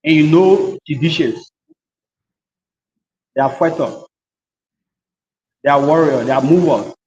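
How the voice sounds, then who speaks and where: A man's voice: a little high, a little slow, darkish tone. A man speaking as a guest, insistently defending his own statement. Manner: insistent, repetitive. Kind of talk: defending himself on a talk show. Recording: roomy reverb, dull lo-fi audio.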